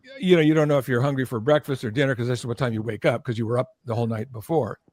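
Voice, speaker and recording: An older man, a podcast guest and former record executive, telling an animated story in conversation, acting out what others said and checking in with "okay?". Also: medium pitch, rapid-fire, dry recording. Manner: animated, acts out quoted voices, keeps checking in with "okay?".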